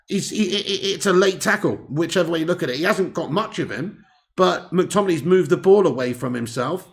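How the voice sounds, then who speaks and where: Brief: a jokey man doing live football commentary, gravelly, a little high voice. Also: a little fast. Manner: jokey banter, laughs often, chats with viewers. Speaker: host.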